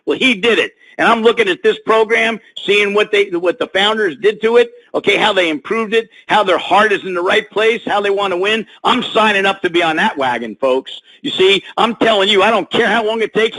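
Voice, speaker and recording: A man giving a pumped-up motivational speech on a conference call, talking loud and full of sports talk. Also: sits high, breathy edge, poor audio. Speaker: guest speaker on a conference call. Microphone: phone.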